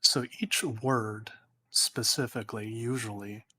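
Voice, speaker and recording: A man on a voice call, patiently explaining language tones with a halting, filler-filled manner. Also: on the low side, fairly even intonation, bright, forceful tone, husky. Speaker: friend on a voice call. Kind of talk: casual explaining.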